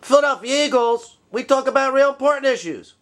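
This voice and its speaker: A man's voice: extremely high pitch, animated, a little fast, fairly bright tone. A man playing the straight man in a comedy skit, correcting and needling with an exasperated tone. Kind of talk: comedy banter.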